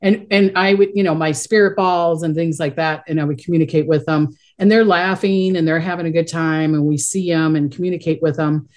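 A woman's voice: low voice, steady tone, fairly quick, few pauses, a little mellow. A middle-aged woman telling stories in a casual interview, rambling and chatty, often restarting her sentences. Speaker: guest, psychic medium.

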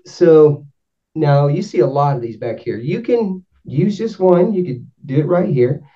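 A man's voice: on the high side, unhurried, far from the mic. A man from North Georgia tells a loose, rambling story. He often restarts his sentences and livens up when he quotes other people. He sits back from the mic on a dull, muffled recording. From North Georgia, USA. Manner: rambling, self-correcting, animated when quoting. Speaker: guest explaining spirit sessions. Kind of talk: casual storytelling.

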